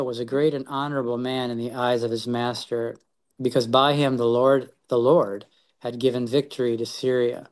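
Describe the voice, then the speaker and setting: A man of ordinary, mid-range pitch reads scripture aloud to a small study group and then thinks it through out loud. His delivery is earnest and unpolished, stalling on words and restarting phrases as he goes. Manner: halting, with frequent repeated words and restarts. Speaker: Bible study leader. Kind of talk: reading scripture aloud and reflecting.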